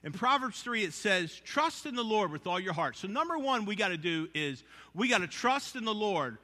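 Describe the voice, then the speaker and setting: A male pastor preaching a sermon, telling stories with animated conversational asides. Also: high voice, normal speed, long reverb tail.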